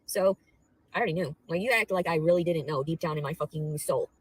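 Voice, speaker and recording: A young adult woman vlogging a profane, rambling rant, swearing constantly and swinging between low murmurs and loud outbursts. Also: fast, slightly rough, no echo, poor audio.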